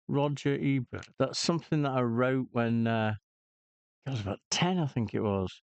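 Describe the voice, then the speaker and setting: A man's voice: medium pitch, moderate pace, gravelly, clean tone, dry recording. A man hosting a casual games channel, hesitantly muttering clues and moves aloud to himself, on a dull lo-fi recording. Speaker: gaming channel host. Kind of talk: casual puzzle and game commentary.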